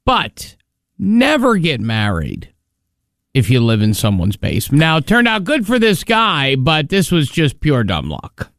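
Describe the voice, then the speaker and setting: A man's voice: a little high, huge pitch swings, measured pace, a bit bright, no echo, clean studio sound. A man co-hosting a radio show, joking and talking to listeners driving to work in casual banter.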